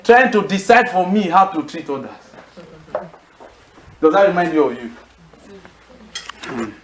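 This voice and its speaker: Male preacher, emphatic call-and-response delivery, lively high pitch, roomy hall sound. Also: a little slow, slight background noise. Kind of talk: sermon. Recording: echoey hall.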